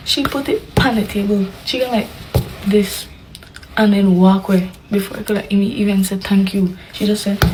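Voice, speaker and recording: A young woman tells a story casually, animated and dramatic, with hushed asides. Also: medium pitch, normal speed, slight background noise, low-quality recording. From Belize. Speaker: vlogger.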